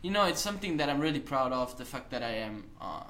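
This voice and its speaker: A young man from Italy with an Italian accent, a podcast guest who talks in an earnest, halting way and laughs often. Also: mid-range voice, very animated, fairly bright tone. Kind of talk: casual conversation.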